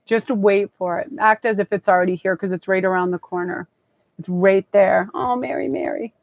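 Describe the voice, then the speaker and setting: A woman's voice: mid-range voice, flat delivery, moderate pace, no room sound, muffled recording. Gushing, breathless woman tarot reader. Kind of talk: live-stream tarot reading.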